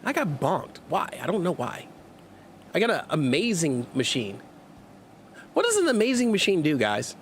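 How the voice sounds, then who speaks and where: A man's voice: on the high side, wildly swooping pitch, normal speed, pauses often, a little hiss or hum. A man streaming gameplay, chatting casually and joking with his viewers as he reads their messages aloud. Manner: playful, jokey, sarcastic asides. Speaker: let's play streamer. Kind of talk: casual gameplay commentary with chat.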